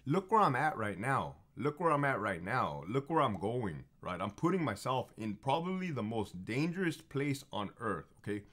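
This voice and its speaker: A fired-up man in his thirties tells his stories in a blunt, profane monologue. He repeats phrases for emphasis. His pitch swings widely as he gets confrontational. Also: big pitch swings, moderate pace, few pauses, a bit bright. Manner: heated and confrontational. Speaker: former prison officer telling stories. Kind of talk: casual monologue storytelling.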